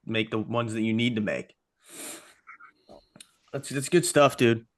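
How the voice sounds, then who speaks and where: A man's voice: mid-range voice, unhurried. A man co-hosts a laid-back podcast, enthusiastically talking up the kids he coaches. He has an ordinary mid-range voice and an easygoing, chatty delivery. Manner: enthusiastic, hyping up his players. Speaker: youth baseball coach and podcast co-host. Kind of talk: casual podcast chat.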